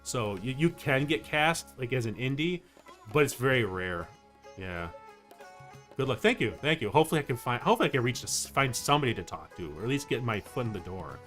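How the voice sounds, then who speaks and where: A man chatting casually on a game livestream, rambling and excitable, with many fillers. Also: medium pitch, fairly quick, soft background music. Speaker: VTuber streamer. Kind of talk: casual livestream chat while gaming.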